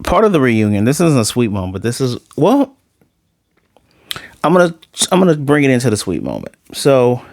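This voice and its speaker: A man giving a casual anime episode review. He retells scenes in an animated way, using "like" a lot and often restarting his sentences. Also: mid-range voice, dry recording, studio quality.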